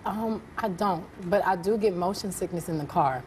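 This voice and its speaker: A woman's voice: on the low side, a little mellow. A young woman in her twenties as a guest on a TV talk show, answering shyly with frequent giggles. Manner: slow, shy, giggly. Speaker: celebrity guest. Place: TV studio with audience. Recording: studio with audience and background noise.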